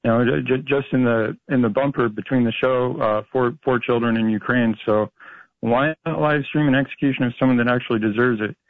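A man's voice: medium pitch, steady tone, fairly quick, no echo. A male caller from Florida, joking and hesitant with many fillers, on a call-in radio show. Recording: tinny phone line.

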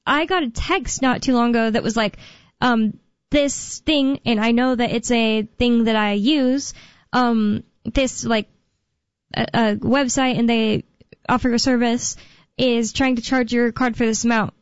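A woman's voice: on the high side, steady tone, unhurried, clean tone, no echo. A young woman co-hosting a podcast in casual chat, rambling with lots of fillers and self-corrections. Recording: dull lo-fi sound.

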